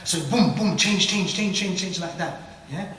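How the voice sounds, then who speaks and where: British man, high voice, casual rambling lesson, heavy echo from far away in a big room. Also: normal speed, pushed and bright. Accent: British English. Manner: loose, repetitive explaining with tag questions. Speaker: ruqya teacher. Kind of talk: informal spoken lesson. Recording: echoey hall from far off.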